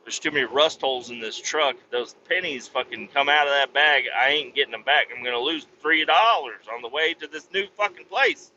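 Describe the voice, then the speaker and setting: A man's voice: medium pitch, brisk, few pauses, sharp tone, muffled recording, slight background noise. A man hosting a podcast who tells a story in a casual comic way, rambling, sarcastic and full of swearing. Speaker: podcast host.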